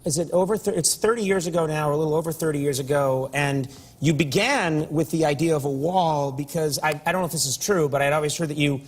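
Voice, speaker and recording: A man's voice: fairly high pitch, fast. A man hosting a late-night talk show in a television studio, asking questions with joking, self-mocking banter. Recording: studio audience and noise behind.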